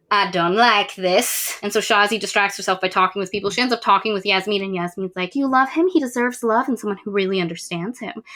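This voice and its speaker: A woman's voice: medium pitch, fairly bright tone. A woman co-hosting a book podcast, recapping the plot casually and acting out the characters' lines. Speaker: podcast co-host.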